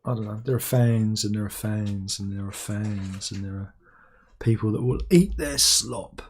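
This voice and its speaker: A man's voice: lowish voice, moderate pace, slight background noise. A man hosting a casual livestream, reading out viewer comments with wry, rambling asides. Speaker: livestream host.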